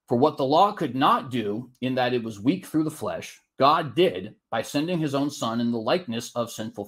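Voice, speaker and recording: Man formal debater, reads scripture at length, emphatic with folksy asides, fixes his own slips, mid pitch. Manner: reads long scripture passages aloud, stops to correct his own slips; emphatic, with folksy idioms between quotes. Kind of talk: formal debate opening statement.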